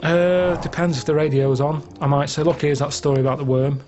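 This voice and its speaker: A man in a casual comedic chat, recounting his home life in a flat, matter-of-fact way. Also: on the high side, a little fast, lo-fi sound. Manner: deadpan, matter-of-fact storytelling. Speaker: regular guest.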